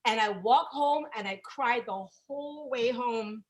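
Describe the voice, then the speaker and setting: A woman's voice: fairly high pitch, a little slow, lo-fi sound, noisy background. A young woman comedian telling a wild, profane story on a video call, acting out the other people in it. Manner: brash, profane, animated, acts out voices. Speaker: stand-up comedian.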